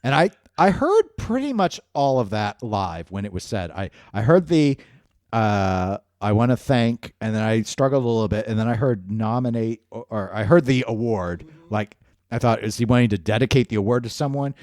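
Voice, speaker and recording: Male podcast co-host, joking and lively, dry close sound. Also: on the low side, no room sound. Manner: jokey, laughs often, quick asides. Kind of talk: casual chat.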